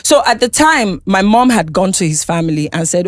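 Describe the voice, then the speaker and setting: A Nigerian woman, a singer being interviewed, talks frankly about her life in an animated, mid-range voice with a Nigerian English accent. She stops and restarts frequently and keeps asking her listener "you understand?".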